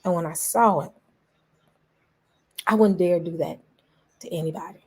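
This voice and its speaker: A woman's voice: on the low side, moderate pace, darkish tone, slightly rough. A middle-aged woman hosting her own vlog, talking straight to her viewers in an emotional, casual way and repeating phrases for emphasis. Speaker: vlog host.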